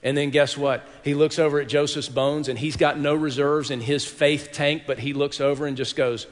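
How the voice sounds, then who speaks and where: A man's voice: medium pitch, steady tone, fairly quick, few pauses. Dramatic male preacher in a reverberant church. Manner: dramatic storytelling, swinging from hushed to loud. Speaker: pastor. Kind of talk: sermon. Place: church worship hall.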